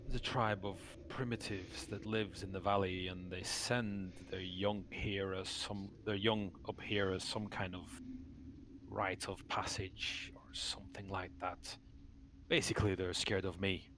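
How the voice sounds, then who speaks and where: Man doing a sad aloof temple keeper, low voice, quiet halting delivery, tabletop role-play. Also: level tone, background noise. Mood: solemn.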